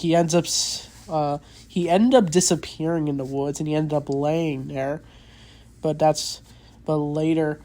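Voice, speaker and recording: A movie reviewer in a casual spoken review, earnest and openly emotional, halting with many restarts and fillers. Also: mid-range voice, dark tone.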